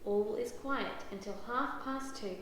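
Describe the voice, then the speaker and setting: A woman reading a picture book aloud to children, expressive, with lively character voices and questions to the listeners. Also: fairly high pitch, a little slow. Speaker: children's story reader. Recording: very echoey room, faint background noise.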